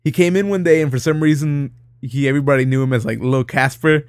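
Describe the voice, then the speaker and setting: A man's voice: mid-range voice, quick pace, dry recording, studio quality. A young man, chatting casually on a podcast, rambling through a story with lots of laughs and swearing. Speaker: podcast co-host. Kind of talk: casual chat.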